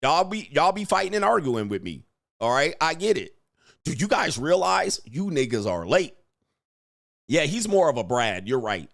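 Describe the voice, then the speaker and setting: A man ranting casually on a livestream, animated and emphatic, laughing and repeating himself for emphasis. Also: on the high side, normal speed, gravelly. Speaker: dating commentary streamer.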